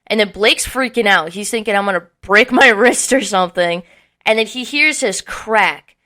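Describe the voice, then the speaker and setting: A woman's voice: mid-range voice, normal speed. A young woman co-hosting a podcast, telling a long party story in casual chat, swearing freely and acting out what people said. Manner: animated storyteller, swears freely, acts out quotes. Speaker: podcast co-host.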